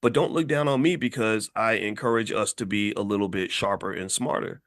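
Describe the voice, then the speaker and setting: A man's voice: on the low side, brisk, a bit bright. Emphatic American man hosting commentary. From Kentucky, USA. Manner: emphatic, repeats words and restarts, slips into mocking voices. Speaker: podcast host. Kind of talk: passionate social commentary.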